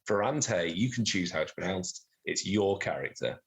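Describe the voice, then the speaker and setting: A man acting as game master, explaining the rules of a tabletop game in a relaxed, chatty way. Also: deep voice, moderate pace, gravelly. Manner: relaxed, explanatory, chuckles at own jokes.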